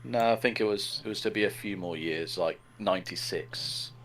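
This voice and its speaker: Male podcast co-host, lowish voice, easygoing, halting delivery. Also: a bit bright. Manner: laid-back, halting, fillers like "like". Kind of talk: casual podcast chat.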